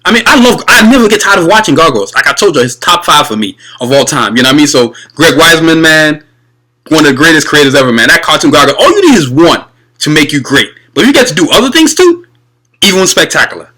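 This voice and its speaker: Fast, bright-voiced enthusiastic man. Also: fairly high pitch, very animated, poor audio. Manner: enthusiastic, rambling, addresses viewers as y'all. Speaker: video podcast host. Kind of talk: casual fan commentary.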